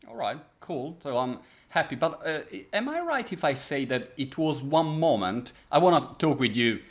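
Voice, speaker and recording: A man's voice: a little high, big pitch swings, normal speed. A man with an Italian accent, hosting an interview in eager, rambling English full of restarts. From Italy. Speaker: interview host. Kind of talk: casual interview.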